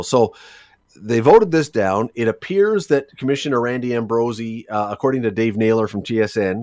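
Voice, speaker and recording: A man's voice: mid-range voice, no echo, clean studio sound. A man hosting a talk radio show, chatty, with joking asides. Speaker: radio podcast host.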